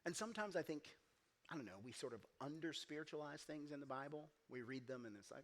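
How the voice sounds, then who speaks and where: A pastor with a slightly high voice preaches at a quick pace in church. His sermon tells a story, and he animatedly acts out its voices, getting loud and emphatic.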